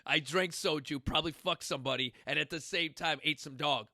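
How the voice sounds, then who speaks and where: A man's voice: on the high side, a little fast, few pauses, bright, forceful tone, dry recording, clean studio sound. A man from Chicago hosting a casual motivational talk, rambling, joking and speaking bluntly with some profanity. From Chicago, United States. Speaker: host.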